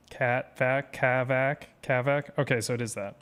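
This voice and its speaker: A man hosting a live speedrun stream, reading viewer comments aloud and answering them casually. He rambles and teases himself. His voice comes through smooth and clear, sitting at a plain mid pitch. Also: steady tone, a little slow, hardly any pauses, a bit bright. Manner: rambling, self-deprecating, reads chat aloud.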